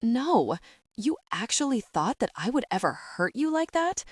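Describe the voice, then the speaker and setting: A woman's voice: a little high, big pitch swings, a little slow, slightly rough, no echo, clean studio sound, pitched above the performer's own voice, heavily acted. A woman voicing a hurt young woman who accuses her boyfriend, tearful and upset.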